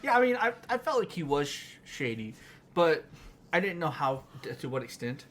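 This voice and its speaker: A man's voice: a little high, very animated, moderate pace. A man co-hosting a podcast, casually recapping anime episodes with a rambling, laughing way of talking. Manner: rambling, laughing, with frequent restarts and fillers. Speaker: podcast co-host.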